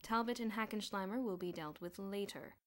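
A woman's voice: medium pitch, brisk, natural voice. Woman doing a stern old-school headmaster. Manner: stern, formal. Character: stern, dignified middle-aged male headmaster. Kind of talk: audiobook character voice.

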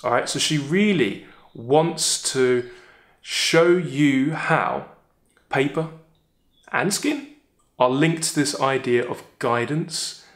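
A man teaching literature, talking through a poem in a chatty way, often checking in with "all right?" and reading quoted lines slowly. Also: mid-range voice, fairly bright tone, reverberant. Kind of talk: poem analysis lesson.

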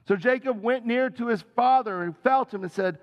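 A senior pastor preaches a sermon in a church sanctuary, earnest and conversational, putting direct questions to the congregation. His voice is very high at normal speed, and the muffled recording has a big-room sound.

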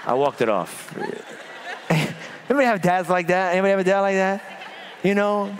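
A man preaching a sermon as pastor, telling stories with big swings from loud to hushed. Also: high voice, very animated, normal speed, a little hiss or hum. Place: church.

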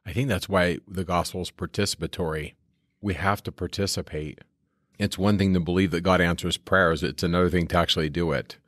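Deep-voiced man musing reflectively. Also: steady tone, a little fast, a bit bright, no room sound, studio quality. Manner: thoughtful, speaks in personal reflections. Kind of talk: casual reflective discussion.

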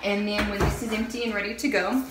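A woman's voice: mid-range voice, steady tone, fast, echoey room. A woman, filming a casual home vlog and explaining her dog food storage to the camera in a chatty way. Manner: talks sweetly to her dogs, then explains to the camera. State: out of breath. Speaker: vlogger unboxing a pet supply order. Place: home with dogs. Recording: noisy home recording. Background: dogs and clicks.

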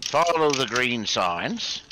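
A man's voice: medium pitch, big pitch swings, slow, noisy background. A man doing Jack Sparrow, roguish pirate captain. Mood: teasing. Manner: slurred, theatrical, calls people love. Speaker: event host in character. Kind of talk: in-character voice chat during a game event.

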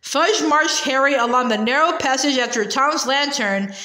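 A woman reading a storybook aloud in a steady, expressive narrating voice. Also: high voice, moderate pace. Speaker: reader. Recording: roomy echo.

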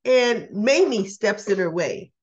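A woman hosting a casual soap opera recap, chatty and quick to act out the characters' lines with little laughs. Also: medium pitch, expressive, darkish tone, lo-fi sound. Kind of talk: casual chat.

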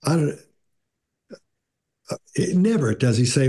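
A man's voice: fairly high pitch, big pitch swings, measured pace, long pauses, warm tone, slightly rough. A man on a behavior analysis panel who gets worked up and acts out quoted questions while commenting.

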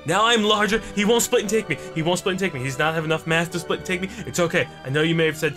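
A man giving comedic gameplay commentary, excitable and mock-serious with crude jokes. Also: a little high, quick pace, few pauses. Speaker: gaming commentator. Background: background music.

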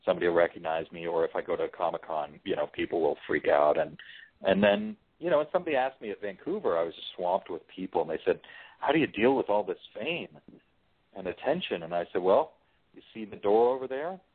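A low-voiced man chats easily as an interview guest, often restarting his sentences. His voice comes through a thin, phone-like line that cuts the lows and highs. He sounds relaxed and unhurried, like a working writer and voice actor. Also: vocal fry, breathy edge. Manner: relaxed, chatty, frequent restarts. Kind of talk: casual interview chat.

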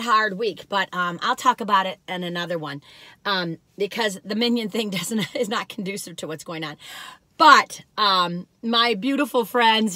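An older woman hosts a vlog from her car, reviewing cookies and chatting to her viewers in a rambling, talkative way full of asides and fillers. Her mid-range voice has a sharp tone, with no room sound.

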